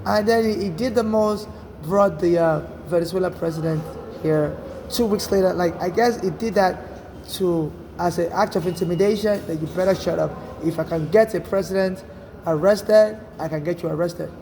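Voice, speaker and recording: A man in his forties with a high-pitched voice speaks in an urgent, rambling monologue, circling back and repeating himself. Faint noise from the city sits behind him. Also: moderate pace, dark tone. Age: 40s. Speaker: vlogger. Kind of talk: agitated personal monologue. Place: city streets and transit.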